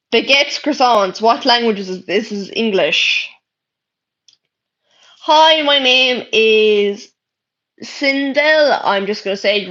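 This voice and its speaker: A young Irish woman with a mid-range, pushed and bright voice reads out chat messages during a live stream. Her talk is brash, casual and full of swearing. The stream audio is dull and lo-fi.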